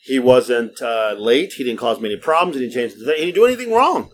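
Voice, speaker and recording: A middle-aged man tells stories on a podcast in a loose, casual way. His speech is salty and lively, and he keeps an easy conversational pace. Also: mid-range voice, quick pace, a little hiss or hum. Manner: profane, lively storytelling. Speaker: podcast host. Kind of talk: casual storytelling.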